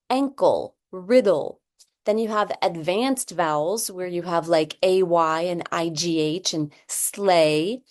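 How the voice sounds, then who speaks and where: A woman walks parents through a phonics check like a patient reading teacher. She sounds out each example word slowly and carefully, with an ordinary mid-range pitch. She keeps pausing to check in with a quick "okay?". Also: mellow. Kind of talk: explaining a phonics assessment.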